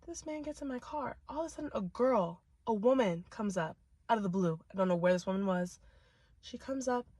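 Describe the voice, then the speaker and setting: High-voiced young woman, dry close storytime. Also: dry recording. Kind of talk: casual storytime. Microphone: phone.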